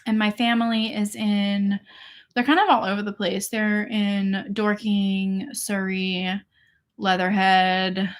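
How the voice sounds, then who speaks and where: A woman's voice: medium pitch, level tone, slow. A young woman from England with no trace of an English accent, chatting casually on a livestream, often laughing and answering viewers' comments. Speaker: online seller doing a livestream.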